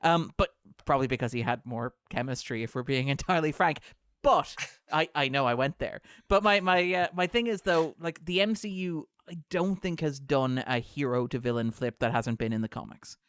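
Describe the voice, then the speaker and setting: A man co-hosting a casual show discussion, chatty and animated with lots of fillers. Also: medium pitch, moderate pace, clean tone, no echo. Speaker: podcast co-host. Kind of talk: casual chat.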